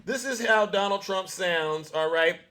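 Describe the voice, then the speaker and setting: A man hosting a talk show, loud and teasing, often laughing as he mocks his listeners. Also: high voice, unhurried, clean tone. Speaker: show host. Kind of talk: mocking call-in style commentary.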